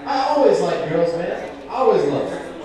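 A man's voice: high-pitched, sing-song, moderate pace, crowd noise. A young man doing a rambling, profane stand-up comedy set with frequent asides. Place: comedy club stage. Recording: echoey club from a distance.

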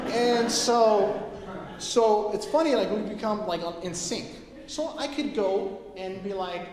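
A man preaching a casual sermon, telling stories with lively quoted voices. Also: high-pitched, takes it slowly, a crowd in the background. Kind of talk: sermon with storytelling. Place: church hall. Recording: echoey hall, heard from a distance.

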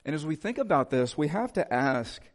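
A man's voice: on the high side, very animated. Conversational man preaching a sermon. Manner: conversational, with quick asides to the congregation. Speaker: pastor. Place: church sanctuary.

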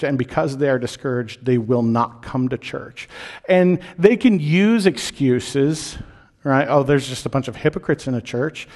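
A man preaching a sermon in a conversational way, with fillers and restarts, slowing down on key phrases and rising for emphasis. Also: mid-range voice, creaky.

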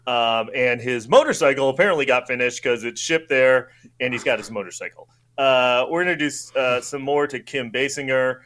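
A man's voice: mid-range voice, normal speed, few pauses, a bit bright. A man co-hosting a casual movie chat, recapping the plot with lots of fillers. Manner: rambling recap with many fillers and likes. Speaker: podcast co-host recapping the plot.

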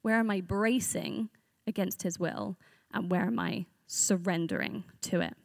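A woman's voice: medium pitch, unhurried, creaky, dry recording, clean studio sound. A woman giving a conversational sermon to a church group, earnest and reflective, speaking off the cuff.

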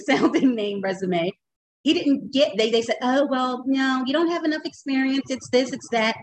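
A woman hosts a podcast in a relaxed interview chat. She talks in an animated, chatty way and laughs often as she goes. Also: mid-range voice, poor audio. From United States. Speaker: podcast host.

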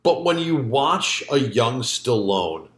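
A man's voice: mid-range voice, sing-song, takes it slowly, a bit bright. A man co-hosting a podcast in loose, profane casual chat, rambling with many fillers. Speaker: podcast co-host. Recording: echoey room.

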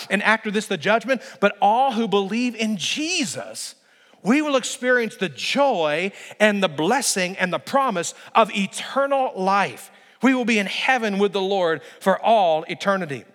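A man with a high, bright-pitched voice delivers an emphatic sermon as a pastor. He slows down and leans on key phrases, and his voice carries through a large church sanctuary with a long reverb tail.

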